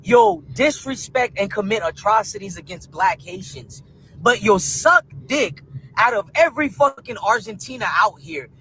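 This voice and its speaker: A man in a furious, confrontational rant, hurling insults as he goes. His voice is high and bright with a tense edge. A faint hiss of noise runs underneath. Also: expressive, normal speed, poor audio. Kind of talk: angry rant video.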